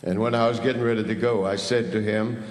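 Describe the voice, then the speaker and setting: A man's voice: on the low side, steady tone, fast. An older man and church elder on a panel, telling stories in an emphatic, preacherly way. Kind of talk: panel talk, anecdotal storytelling. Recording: reverberant hall.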